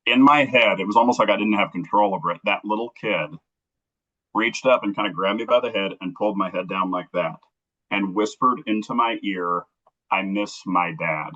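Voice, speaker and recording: Low-voiced guy telling his story, halting and earnest, kinda muffled recording. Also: fairly bright tone. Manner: earnest, halting, acts out quoted dialogue. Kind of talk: emotional personal storytelling. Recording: dull lo-fi recording.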